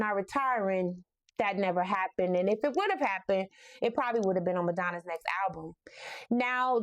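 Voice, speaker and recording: Woman, 40s, New York accent, playful, animated host, casual storytelling. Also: mid-range voice. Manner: animated, playful, laughs often. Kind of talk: casual storytelling about music.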